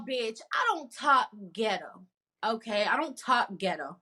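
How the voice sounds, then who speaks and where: High, bright-voiced woman ranting bluntly. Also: unhurried, slightly rough. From not from the American South. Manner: blunt, profane, animated ranting. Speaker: podcast co-host. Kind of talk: casual chat.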